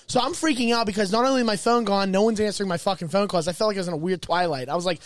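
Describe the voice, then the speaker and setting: A man's voice: sits high, quick pace, hardly any pauses, fairly bright tone. A man hosting a casual podcast chat, telling a long story and swearing freely as he goes. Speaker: podcast host.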